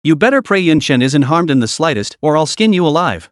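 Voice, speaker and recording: An enraged commander issues threats in a lively, somewhat high voice, as the narrator puts him on. He sounds menacing. The recording is dry and close. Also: a little fast, dry recording. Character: enraged male air force commander, menacing.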